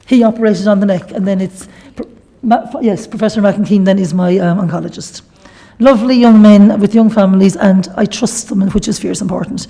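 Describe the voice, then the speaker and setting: A middle-aged Irish woman from Galway speaks with a gravelly, mellow voice. She tells her own story to a gathering in an earnest, chatty way. She often breaks off to give thanks to God. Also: mid-range voice, fairly even intonation, brisk. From Ireland. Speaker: guest speaker at a workshop. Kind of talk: personal testimony talk.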